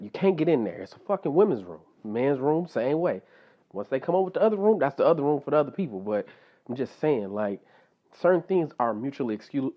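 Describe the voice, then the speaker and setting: A man hosting his own podcast, talking casually on his own, stuffed up and a little out of breath, repeating himself and filling pauses with "like" and "you know". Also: medium pitch, dull audio. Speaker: podcast host. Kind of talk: casual solo podcast monologue.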